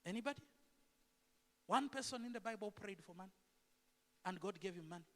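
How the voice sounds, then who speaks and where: Guy preaching, high bright voice with some gravel, echoey church hall. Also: fairly quick. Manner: animated, rhetorical questions to the congregation. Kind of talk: sermon. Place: church sanctuary.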